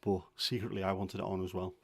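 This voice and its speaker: Deep, creaky and flat, this middle-aged man's voice moves at a quick pace with no room sound. He's hosting a livestream from home, grumbling and putting himself down in casual chat.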